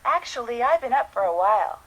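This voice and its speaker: An actress playing a curious, polite young woman detective in a mystery game, talking in a brisk, earnest way. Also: fairly high pitch, lively intonation, fairly bright tone, rough recording. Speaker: game character. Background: game music.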